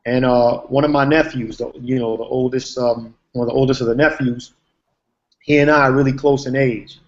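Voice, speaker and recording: Man, TV writer, casual rambling storyteller, slang and fillers, mid-pitched voice, muffled video call sound. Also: steady tone, normal speed. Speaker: TV writer, guest. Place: online video hangout.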